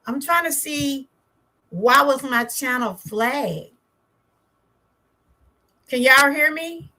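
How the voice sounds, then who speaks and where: A woman's voice: high voice, slow, pauses often, bright, forceful tone. A woman from Georgia with a Southern accent, chatting with viewers on a livestream as a wellness vlogger, exclaiming and talking back to her chat.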